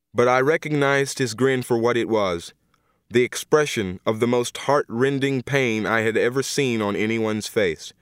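A man reading a first-person story aloud in a measured, grave manner. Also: mid-range voice, no room sound, studio quality. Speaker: audiobook narrator. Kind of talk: scripted first-person narration.

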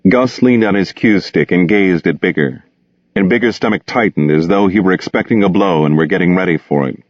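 A man narrating a novel aloud in a steady, measured, grave manner. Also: low-pitched, no room sound. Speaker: audiobook reader. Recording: dull, dry close recording.

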